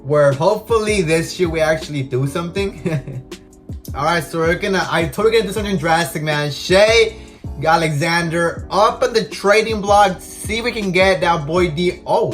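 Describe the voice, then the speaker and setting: A young man with a slightly high voice narrates his video game session in loose, slangy commentary. He rants with open frustration, and faint music plays behind him. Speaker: gaming YouTuber. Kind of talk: casual gameplay commentary.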